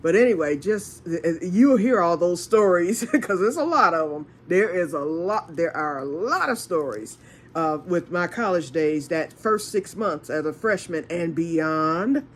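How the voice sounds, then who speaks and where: Measured in pace yet lively in intonation, this fairly low-voiced storytelling vlogger from Michigan chats her way through a meandering personal tale. She laughs a lot and acts out others' dialogue, with a bit of hiss or hum in the audio.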